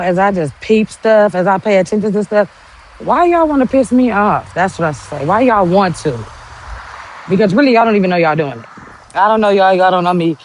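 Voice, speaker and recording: A woman's voice: medium pitch, slight background noise. A woman hosting a podcast, talking bluntly in a casual monologue full of rhetorical questions. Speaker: podcast host.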